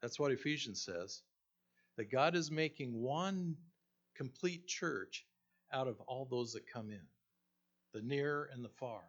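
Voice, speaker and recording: A male pastor gives a slow, unhurried sermon, retelling stories with frequent fillers and restarts. His pitch sits in the middle range for a man. The recording sounds dull and low-fi. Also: lively intonation.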